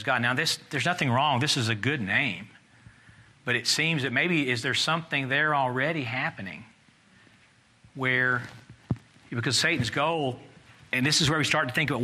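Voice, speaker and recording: A man's voice: medium pitch, sharp tone. A man leading a Bible study class, thinking aloud in a conversational way and putting questions to the group.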